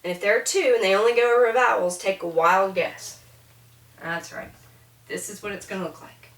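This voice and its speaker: A woman's voice: medium pitch, steady tone, moderate pace. Woman, French teacher, chatty classroom lecture, mic placed well back in a roomy space. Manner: chatty, repeats words to model pronunciation. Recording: echoey room from a distance.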